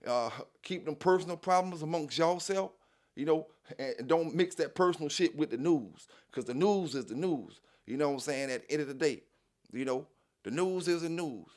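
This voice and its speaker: A man with a fairly high voice lectures his viewers about dogs in loose street talk. He repeats himself for emphasis and keeps dropping "you know what I'm saying" between points. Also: a little mellow. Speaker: dog news channel host. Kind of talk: casual monologue to viewers.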